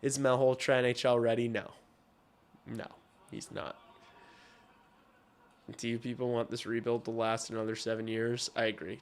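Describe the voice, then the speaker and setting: A man streaming live as he watches hockey, chatting bluntly and profanely with his viewers and now and then working up into loud rants. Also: mid-range voice, completely flat delivery, normal speed, pauses often, clear, resonant tone.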